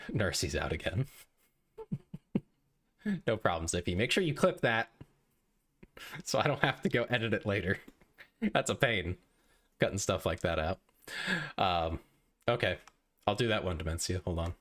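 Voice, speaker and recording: Male streamer, deep voice, lively pitch, casual joking chat, young adult. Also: moderate pace, pauses often. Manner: chatty, joking, self-deprecating.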